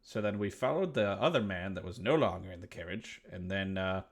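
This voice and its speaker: A man with a fairly low voice plays a tabletop game in character. He recounts what happened in a slow, rambling way. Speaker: player.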